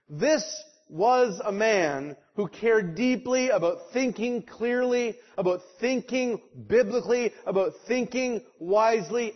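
A man preaching a sermon, emphatic and rhetorical, slipping briefly into mocking voices of the people he quotes. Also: high-pitched. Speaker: pastor. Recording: dull lo-fi sound.

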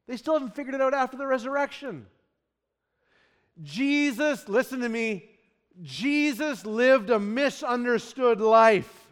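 A man in his thirties preaching a sermon to his congregation, moving between soft, pleading passages and loud exclamations, and acting out quotes with put-on voices. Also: very high voice, measured pace, long reverb tail. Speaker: pastor.

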